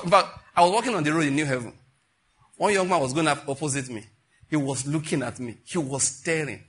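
A pastor delivers a sermon with personal stories in a bright, forceful voice with a husky edge, pitched a little high for a man and a little fast. He tells the stories with animation, slipping into the voices of the people he describes.

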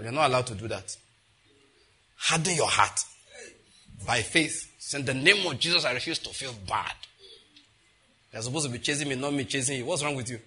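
A married adult pastor delivers a sermon in a medium-pitched, sharp voice with a breathy edge. He boldly leads the congregation through repeated call-and-response declarations, mixing in humor.

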